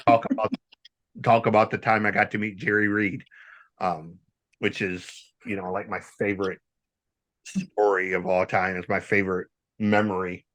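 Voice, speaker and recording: A man hosting a podcast, telling stories in a rambling, animated, casual way. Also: fairly low pitch, normal speed. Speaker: podcast host. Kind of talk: casual storytelling chat.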